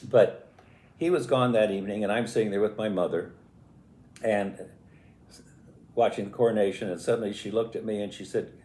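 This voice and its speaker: A man in his eighties telling stories from his life in a halting, reflective and emotional way. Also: fairly low pitch, steady tone, warm tone. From US Midwest. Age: 80s. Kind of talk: personal storytelling. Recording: echoey room.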